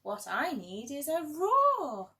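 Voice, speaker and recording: A woman voicing a small, timid male mouse who longs to roar, squeaky, hesitant and eager. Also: sing-song, slow pace, full character voice. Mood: excited.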